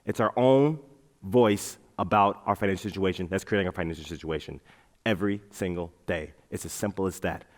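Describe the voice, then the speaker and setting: A man giving a playful, animated motivational talk on a large auditorium stage, leading the crowd in chants. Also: deep voice, a little fast. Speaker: motivational speaker. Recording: reverberant hall.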